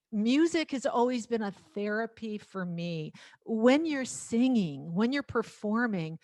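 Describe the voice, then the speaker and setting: Woman singer-songwriter, casual storyteller, laughs a lot, mid pitch, dry close sound. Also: no echo. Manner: chatty, lively storytelling with frequent laughs and restarts. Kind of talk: casual talk at an album launch.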